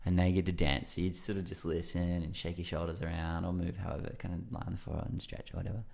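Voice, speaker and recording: Relaxed and conversational, a podcast guest tells a story in a low voice with a gravelly edge. He rambles a bit, often filling pauses with fillers, and acts out his own reactions as he goes.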